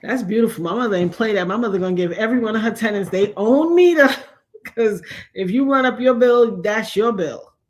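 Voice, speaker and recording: A middle-aged woman hosting a livestream, chatting casually and telling animated stories while acting out the voices she quotes. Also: on the high side, fairly quick. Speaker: livestream host. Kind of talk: casual storytelling chat.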